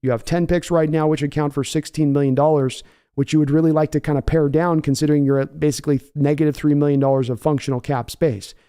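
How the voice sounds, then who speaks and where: A man's voice: a little high, fairly even intonation, fast talker, mellow, clean tone. A man hosting a casual livestream podcast, chatting and reading viewer comments aloud. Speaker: podcast host.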